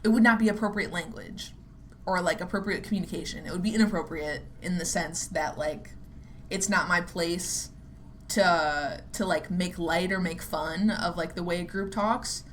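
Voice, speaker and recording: A woman's voice: lowish voice, steady tone, normal speed. A young woman muses aloud on her solo podcast, drifting between thoughts with constant "like" fillers and a self-deprecating edge. Her delivery is casual and unpolished, with the odd swear word. A faint ambient noise sits under her voice. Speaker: podcast host.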